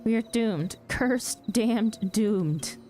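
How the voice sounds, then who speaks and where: A woman's voice: fairly high pitch, very slow, dark tone, soft background music, pitched above the performer's own voice. A woman reading the lines of a timid, fretful kobold aloud, repeating herself in nervous strings of synonyms. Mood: anxious fawning. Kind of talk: reading game dialogue aloud.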